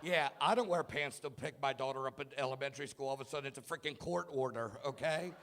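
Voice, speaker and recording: A man in his thirties doing a stand-up comedy set in a club, telling self-mocking stories about his kids and bursting into shouted punchlines. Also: medium pitch, quick pace. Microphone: handheld stage mic.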